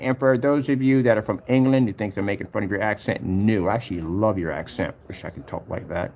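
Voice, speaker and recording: A projector screen paint maker scrolls through his own demos in a rambling screen-recording vlog, boasting, humming filler sounds, and challenging rivals. His mid-range voice is a little mellow, with lively intonation and a moderate pace, over slight background noise.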